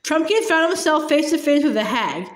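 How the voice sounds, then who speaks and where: A woman narrates a novel aloud in a steady reading voice that now and then stumbles over a word. Her voice sits high. The recording has a roomy echo. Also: moderate pace.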